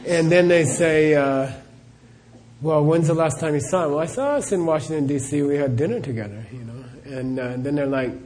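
Middle-aged man teaching at a live Q&A, a bit high-voiced, chatty and laughing, faint noise behind. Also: normal speed, a little mellow. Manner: chatty, laughing storyteller, many "you know"s. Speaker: Buddhist teacher. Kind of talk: live Q&A talk with anecdotes.

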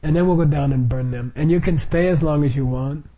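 A man's voice: a little high, a little fast, dark tone. A middle-aged man leading a Buddhist group, explaining the practice informally with frequent chuckles, fillers and restarts.

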